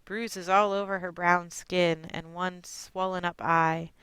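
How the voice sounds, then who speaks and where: A woman's voice: on the low side, level tone, takes it slowly, fairly bright tone, clean tone, no echo, low-quality recording. A woman performing a monologue as a stubborn immigrant grandmother in her late sixties. She speaks in blunt, broken English. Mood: fretful, blunt. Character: stubborn 68-year-old Chinese immigrant grandmother. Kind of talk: dramatic monologue.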